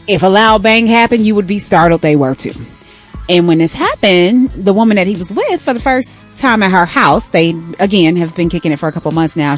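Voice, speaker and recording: A woman hosting a radio show, chatting and telling a story in an animated, sassy way. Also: fairly low pitch. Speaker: radio host. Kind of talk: casual radio chat.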